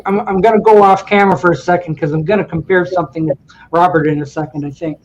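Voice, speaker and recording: A man's voice: high-pitched, fairly even intonation, fast, a little hiss or hum. A man hosting a casual chat over a video call, chatty and stumbling over his words as he restarts sentences. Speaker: host of a chat show. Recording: dull lo-fi video call audio.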